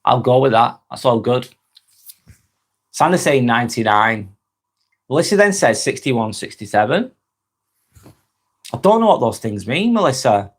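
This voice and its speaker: He speaks at medium pitch with big swings, unhurried and leaving long pauses, his voice slightly rough. An English man with a North West England Lancashire accent, he hosts a casual live stream, answering comments, chuckling often and calling people mate.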